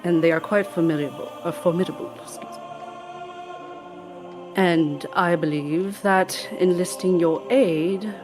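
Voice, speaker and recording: A player voicing a formal male summoner who asks a creature for help, in a measured and polite way over background music. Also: medium pitch, fairly even intonation, lightly acted. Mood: earnest.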